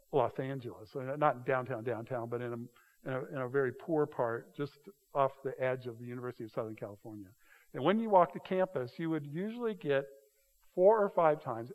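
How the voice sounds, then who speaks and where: A middle-aged man preaching a sermon, telling the story with animated delivery and acted-out voices. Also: mid-range voice. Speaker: pastor. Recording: long hall reverb.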